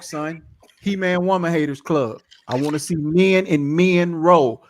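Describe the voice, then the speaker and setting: A man's voice: fairly high pitch, a little slow, a bit bright, a little hiss or hum. A man co-hosting a podcast in casual chat, playful and teasing, full of slang and banter. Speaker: podcast co-host. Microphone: remote call microphone.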